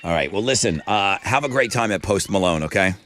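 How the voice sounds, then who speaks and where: A man's voice: low voice, expressive, a little fast, a bit bright, slight background noise. A man hosting a radio morning show, chatting energetically and rambling as he jokes with callers. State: slightly out of breath. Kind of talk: casual radio chat.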